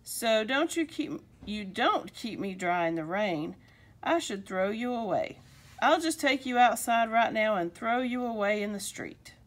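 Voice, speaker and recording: A woman's voice: fairly high pitch, expressive, unhurried. Lady reading as fussy old uncle guy, grumbles at his hat, lots of ups and downs. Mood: fretting. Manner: talks to himself, fretful back-and-forth.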